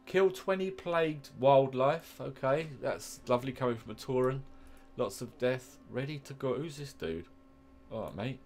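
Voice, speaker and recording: A man with an English accent chats his way through a gameplay session. His talk rambles and drifts into asides. His voice sits at an ordinary middle pitch. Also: animated, moderate pace, a little mellow, soft background music. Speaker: gaming YouTuber. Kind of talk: casual gameplay commentary.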